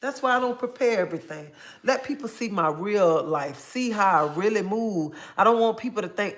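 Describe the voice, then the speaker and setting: A woman's voice: medium pitch, lively intonation, brisk, few pauses. A middle-aged grandmother hosting a casual livestream, talking emphatically to her viewers, often repeating herself and calling them honey. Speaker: livestream host.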